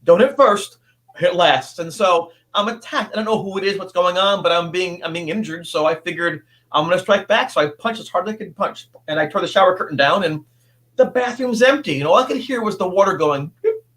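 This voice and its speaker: High-voiced man telling a story earnestly. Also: fairly bright tone. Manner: earnest, halting, many restarts. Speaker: guest. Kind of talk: emotional personal storytelling.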